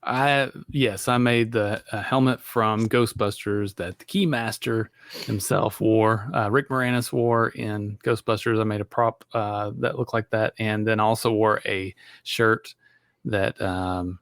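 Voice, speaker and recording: A man co-hosting a podcast, telling a story in a halting, relaxed way with many fillers. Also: fairly low pitch, no room sound, studio quality. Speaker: podcast co-host. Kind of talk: casual podcast chat.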